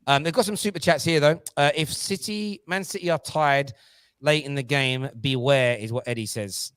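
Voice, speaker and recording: Lively man hosting a football chat. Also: fairly high pitch, moderate pace, clean tone, no echo. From Jamaica. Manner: animated, jokey and excitable. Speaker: host.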